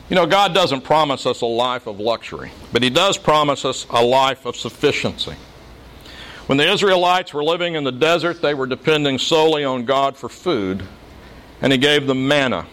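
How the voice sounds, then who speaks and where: A man's voice: medium pitch, a bit bright, a little hiss or hum. Middle-aged male pastor with dry, folksy humor. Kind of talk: sermon.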